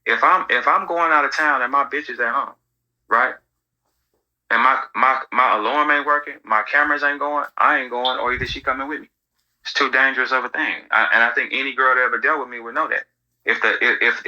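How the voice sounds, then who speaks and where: Animated, foul-mouthed man talking. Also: mid-range voice, dull audio. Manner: animated, profane storytelling. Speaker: host. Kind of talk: casual commentary.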